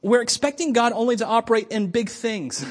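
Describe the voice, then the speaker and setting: A man's voice: very high voice, lively intonation, brisk. A man, a pastor, giving a conversational sermon with joking asides.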